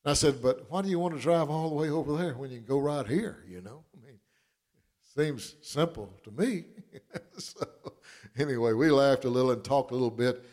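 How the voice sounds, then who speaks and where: A pastor, telling folksy stories with chuckles and building into fervent preaching. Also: male voice, mid-range voice, normal speed, darkish tone. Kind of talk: sermon.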